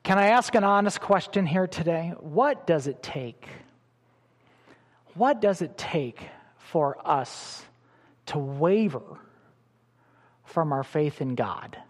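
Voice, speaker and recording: A middle-aged male pastor delivers a sermon with a fairly high voice, swinging between loud bursts and quiet asides. His words ring out with a long reverb from a large church hall. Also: takes it slowly, long pauses. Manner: animated preaching with sudden loud bursts and soft drops.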